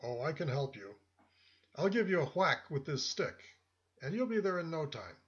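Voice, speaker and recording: A man's voice: fairly high pitch, big pitch swings, moderate pace, fairly bright tone. A man voicing a suave, condescending older man with a walking stick, who speaks in a friendly but patronizing way, in a lo-fi recording. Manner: friendly yet patronizing, calls listener "son". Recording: dull lo-fi audio.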